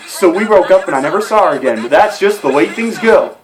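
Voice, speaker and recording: A man singing a fast, rambling comic story-song cover over a backing track, frantic, with sudden shouted bursts. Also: high voice, expressive, slight background noise. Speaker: amateur singer covering a comedy song. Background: faint backing music.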